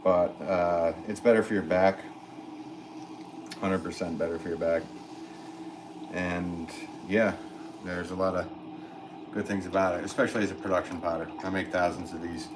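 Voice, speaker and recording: A man's voice: sits low, normal speed, long pauses. Rambling man chatting on a live stream. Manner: rambling and easygoing, many fillers, laughs often. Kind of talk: casual live-stream chat, reading viewer comments. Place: pottery studio at the wheel. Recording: steady background noise in the room.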